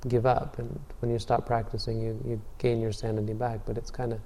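Teaching meditation in a dharma talk, this man narrates calmly with a dark, mellow, mid-range voice and a fairly quick delivery. Restarts and repeated words are common, a long hall reverb trails after him, and there's slight background noise.

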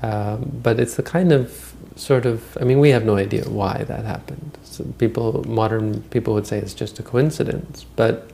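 Gravelly low-voiced man giving a dharma talk. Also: normal speed, few pauses, mellow, slight background noise. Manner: rambling, conversational, frequent restarts. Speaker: Buddhist teacher. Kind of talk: dharma talk, retelling stories.

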